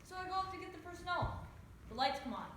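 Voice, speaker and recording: A woman's voice: very high-pitched, animated, fast. Young woman as a sarcastic teen girl. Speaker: student actor. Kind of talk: stage monologue. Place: echoey theater stage. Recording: echoey stage, audible hiss.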